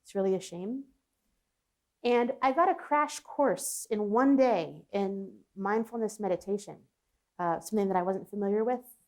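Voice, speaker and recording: A woman's voice: medium pitch, moderate pace, darkish tone. A woman psychologist speaking as an interview guest, telling a personal story in an earnest, reflective way. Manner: earnest, reflective, with frequent restarts and laughs.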